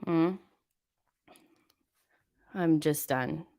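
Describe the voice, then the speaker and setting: The host of a live football watchalong stream, a young woman, talks low with drawn-out words, vocal fry and a darkish tone. She vents in exasperation and reads viewer messages during her commentary and chat, captured in a dry, studio-quality recording.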